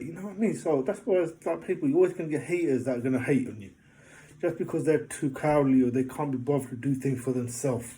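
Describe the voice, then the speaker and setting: A man giving a casual motivational talk, rambling and often asking if the listener knows what he means, getting animated in funny stories. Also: medium pitch, fast talker. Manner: rambling, keeps asking "do you know what I mean". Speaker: motivational vlogger.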